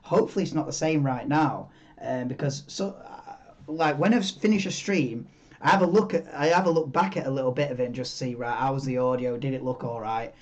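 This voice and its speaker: A man hosting a live stream, chatting casually in a rambling, excitable way and swearing freely. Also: mid-range voice, fairly quick. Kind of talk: casual live watchalong chat. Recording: dull lo-fi mic, tinny.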